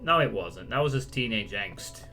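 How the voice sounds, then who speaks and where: A man's voice: on the low side, expressive, moderate pace, sharp tone, faint music behind. A man hosting a casual let's play, cracking jokes, swearing and laughing at himself as he plays. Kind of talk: casual gameplay commentary.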